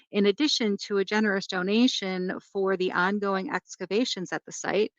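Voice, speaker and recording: Female podcast co-host, steady and agreeable, on a dull lo-fi mic. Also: mid-range voice, no echo. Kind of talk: casual podcast chat and reading aloud. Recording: dull lo-fi sound.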